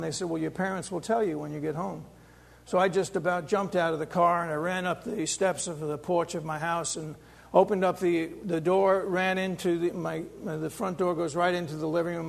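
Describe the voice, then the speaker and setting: Older guy, high gravelly voice, halting emotional story, lots of restarts. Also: in a large hall. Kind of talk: personal testimony.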